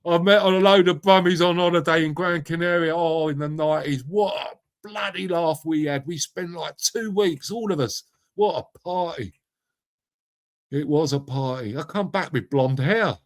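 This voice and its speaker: A middle-aged man hosts a relaxed live chat and speaks with a fairly high voice. He is matey and swears without holding back, and he calls out his viewers one by one by name. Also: normal speed. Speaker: live stream host reading chat. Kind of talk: casual chat.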